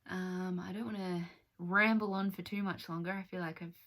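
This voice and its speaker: A young woman tells a story to camera in a chatty, animated way. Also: fairly low pitch, normal speed. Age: 20s. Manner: chatty, animated, acts out other people's lines. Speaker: vlogger.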